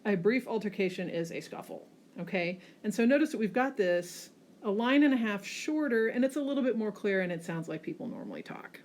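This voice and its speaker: A woman teacher giving a classroom lecture over slides, often checking in with a quick "okay?" and pushing hard on key words. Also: mid-range voice. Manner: frequent checking "okay?" tags, lively emphasis.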